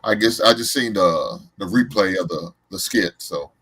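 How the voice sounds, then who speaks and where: A man's voice: low-pitched, moderate pace, a bit bright, slightly rough. A man chatting on a video call, laid-back and loose. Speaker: guest. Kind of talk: casual chat.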